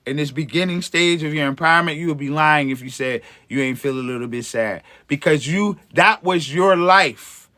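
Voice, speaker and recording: On his livestream, an empowerment coach gives viewers a preachy, encouraging motivational talk, dropping slang and chuckling a lot. His voice is a little high, pushed and bright, at a moderate pace.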